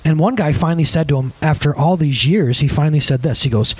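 A man's voice: a little high, quick pace, a little mellow, husky, rough recording. A man in his thirties preaching a conversational sermon, laughing at his own asides.

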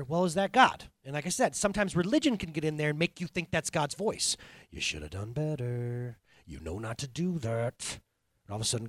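Animated man preaching a casual sermon. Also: fairly high pitch, dry recording, clean studio sound. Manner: animated, joking asides, acted-out quotes, frequent restarts. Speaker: pastor. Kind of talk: conversational sermon.

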